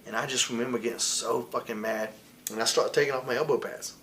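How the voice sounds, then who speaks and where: A wrestler in his forties, interviewed as a guest, delivers blunt, heated, candid stories full of swearing, quoting others in put-on voices. He talks fast with a mid-range, fairly bright voice and steady tone, and slight background noise can be heard.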